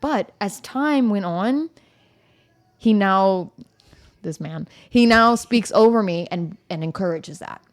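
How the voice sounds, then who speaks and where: A woman's voice: mid-range voice, animated, slow. Woman on a podcast, open and earthy, swears a lot, laughs easily. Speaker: podcast co-host. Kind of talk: candid conversational chat.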